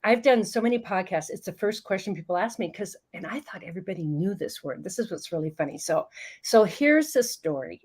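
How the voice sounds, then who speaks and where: Female guest, fifties, mid-range voice, emotional storyteller, laughs easily. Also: medium pitch. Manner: warm, emotional storyteller who laughs often. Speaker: interview guest, program founder. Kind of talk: storytelling in a chat interview.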